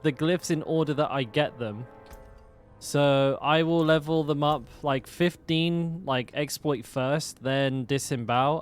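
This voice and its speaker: An English man with a West Country accent, chatting casually to his live-stream viewers, rambling and swearing now and then. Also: on the high side. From England. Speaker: game streamer.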